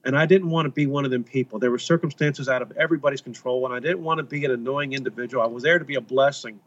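A man's voice: mid-range voice, rapid-fire. Man telling mission stories, lo-fi. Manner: rambling, animated when retelling. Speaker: guest, missionary author. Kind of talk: casual storytelling interview. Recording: slightly dull lo-fi audio.

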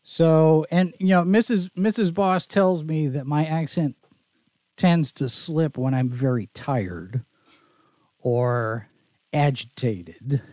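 A man with a faint Texas Southern twang hosts a casual podcast, unhurried and measured in his delivery. He muses in an easygoing, rambling way, and his voice sits close and dry on the mic. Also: fairly high pitch, dark tone, dry recording. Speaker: show host.

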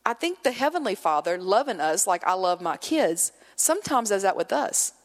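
A woman preaching a conversational sermon, telling lively personal stories and acting out a child's voice. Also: mid-range voice, moderate pace. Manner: animated storyteller, acts out her son's voice. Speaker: guest preacher. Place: church sanctuary. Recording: long hall reverb.

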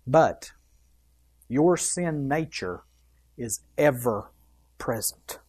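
A male pastor preaches a sermon in church, his voice ranging from loud, emphatic phrases to quiet, low asides with wide shifts in volume and pace. He addresses the congregation directly, asking them questions. His words are animated and drawn out, with a breathy edge.

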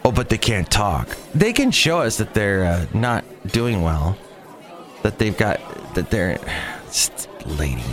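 A man's voice: on the low side, sing-song, slow, a faint crowd. A man hosting his own daily podcast, telling a rambling story in a chatty, exasperated way. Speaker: podcast host. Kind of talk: casual solo podcast monologue.

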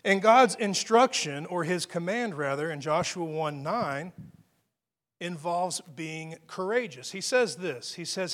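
High-voiced man preaching conversationally. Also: lively intonation, measured pace, a bit bright. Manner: conversational preaching with restarts and asides. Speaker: pastor. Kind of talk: sermon.

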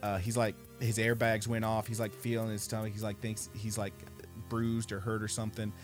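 Casting note: man, podcast co-host, swearing, lively storyteller, mid pitch, faint music underneath. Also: a little fast. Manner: profane, animated storyteller acting out others' lines.

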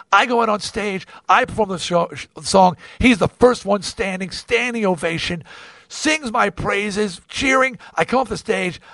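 A man hosting a podcast, telling a personal story in an animated way, often restarting and repeating words. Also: high-pitched, no room sound, clean studio sound. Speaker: podcast host. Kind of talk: confessional storytelling.

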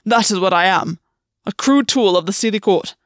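A woman reading aloud and voicing a battle-worn male fae soldier with a rough, blunt voice. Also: mid-range voice, lively intonation, normal speed, no room sound, studio quality, close to an everyday voice. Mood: defiant. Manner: blunt, forceful.

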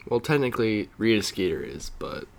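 A man's voice: fairly low pitch, very animated, gravelly. Dry, wry male podcast co-host. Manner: dry, quick to correct others. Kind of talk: casual podcast chat.

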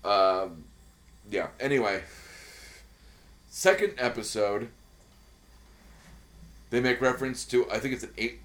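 A man's voice: mid-range voice, expressive, takes it slowly, pauses often, fairly bright tone. A man co-hosting a podcast, chatting casually in a rambling, profane, enthusiastic way with many fillers. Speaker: podcast co-host. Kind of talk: casual chat.

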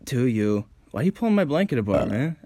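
A man's voice: a little high, sing-song, racing, a little mellow, slightly rough, no echo. A young man co-hosting a podcast, chatting casually, rambling and joking with frequent laughs. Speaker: podcast co-host. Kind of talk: casual chat. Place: indoor room.

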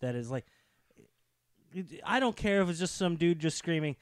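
A man in casual podcast chat, sarcastic and animated, his voice swinging widely from high to low. He sits a little higher than most men. The sound is dry and close. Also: moderate pace, smooth, no room sound. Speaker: podcast co-host. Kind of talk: casual wrestling commentary chat.

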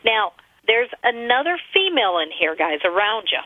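A woman's voice: a little high, sing-song, moderate pace, a little hiss or hum. A woman calling in as a psychic over the phone, talking hesitantly, repeating herself and giggling between readings. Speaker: psychic caller. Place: her home. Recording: tinny muffled phone line.

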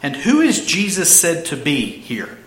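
Bright-voiced man preaching in an echoey room. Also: a little high, huge pitch swings. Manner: emphatic, stretches key phrases slowly. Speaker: pastor. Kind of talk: expository sermon. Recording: echoey room with faint ambience.

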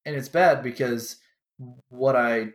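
A young man talks in a loose, rambling way, acting out the lines of the people in his story and swearing freely. His voice sits at a middling pitch for a man. The recording carries a roomy echo. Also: takes it slowly. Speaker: podcast co-host. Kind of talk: casual chat. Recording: echoey room.

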